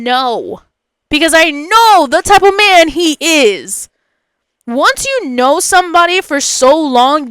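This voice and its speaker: A young woman hosting a podcast, telling a personal story in a casual, animated way with lots of fillers and emphatic asides. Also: high-pitched, smooth, no echo. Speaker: podcast host.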